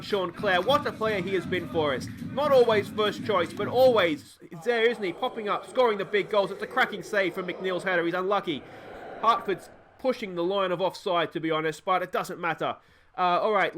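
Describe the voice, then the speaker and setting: Excitable high-voiced male game commentator. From Australia. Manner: cheers and shouts at goals, chatty and joking. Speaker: gaming YouTuber. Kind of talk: excited let's-play commentary.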